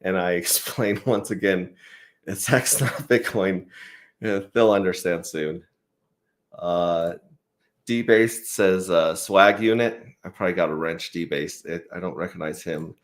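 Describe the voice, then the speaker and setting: Dude w a really low voice hosting a stream, laid back, reads chat out loud. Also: male voice, measured pace. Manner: relaxed, reads chat aloud with fillers. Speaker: host. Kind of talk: casual livestream chat.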